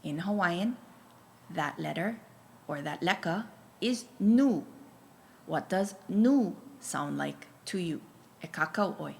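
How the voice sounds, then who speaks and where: Woman teacher going letter by letter, super slow and patient, gravelly low voice. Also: animated, darkish tone, a little hiss or hum. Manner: patient, repeats each letter and prompts learners to write. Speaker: Hawaiian language teacher. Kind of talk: slow, deliberate language lesson.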